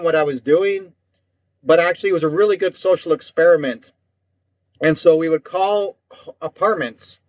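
A man, a co-host with a slightly raised voice, telling rambling profane stories. He drops into quick acted-out voices as he goes. The sound is dull and lo-fi, dry and close with no room around it. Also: a little high, no room sound. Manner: profane, rambling storyteller, acting out quoted voices. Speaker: podcast co-host. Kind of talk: casual chat.

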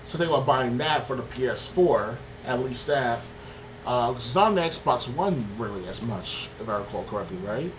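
A young man co-hosting a casual gaming podcast, talking excitedly and acting out reactions. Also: mid-range voice, normal speed, low-quality recording. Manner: animated, excitable, acts out reactions. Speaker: podcast co-host. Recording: faint background noise.

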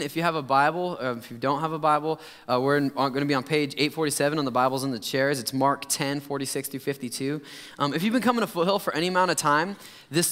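A young man preaches in an easygoing, conversational way, sprinkling in slang. His voice sits a bit high. The sound carries the long reverb of a church hall. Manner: relaxed, chatty, laid-back slang. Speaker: pastor. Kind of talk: casual sermon with story and prayer. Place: church sanctuary.

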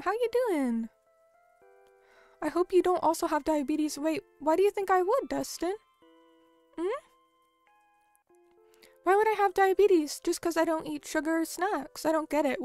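With no room sound, this young American woman streamer speaks in a high voice with a darkish tone. She chats loosely with her viewers, using plenty of fillers as she reads and responds to chat.

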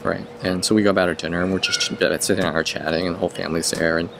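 Rambling middle-aged man, lowish voice. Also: fairly even intonation, fast talker, creaky, noisy background. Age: 50s. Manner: rambling, with many restarts and self-corrections. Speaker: vlogger telling a personal story. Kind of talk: casual storytelling monologue.

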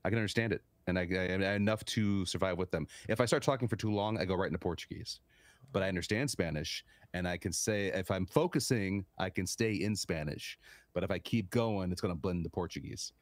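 A man's voice: low-pitched, a little fast, dry recording. A man on a podcast, co-hosting and telling stories casually, often repeating words as he starts a thought. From California, United States. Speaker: podcast co-host. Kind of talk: casual chat.

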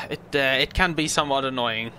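A man's voice: medium pitch, moderate pace, sharp tone, slight background noise. A young man giving casual, rambling gameplay commentary, stammering and swearing freely as he plays. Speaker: gaming video host.

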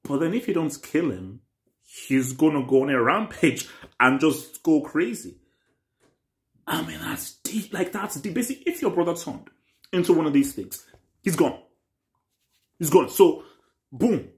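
A young man hosting a casual TV reaction video. He rambles and repeats himself, swinging between excited bursts and low mutters. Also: measured pace, pauses often. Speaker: reaction channel host.

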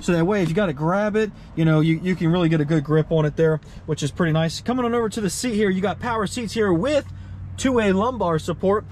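Upbeat high-voiced man reviewing a car. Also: fast talker, darkish tone, a little hiss or hum. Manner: upbeat, folksy, chatty with fillers and little laughs. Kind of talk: casual walkaround car review.

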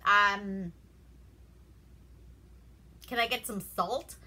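A woman putting on the voice of a cheeky, food-loving male zombie servant, loud and playful. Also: medium pitch, drawn-out words, heavily acted.

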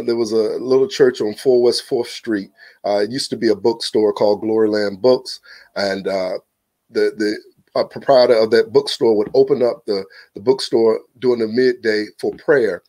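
Southern pastor guest in his forties, animated storyteller, dry close sound. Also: lowish voice, moderate pace, no room sound. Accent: Southern US, Virginia. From Virginia. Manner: animated, exclamatory, storytelling, frequent restarts. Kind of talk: casual church podcast interview.

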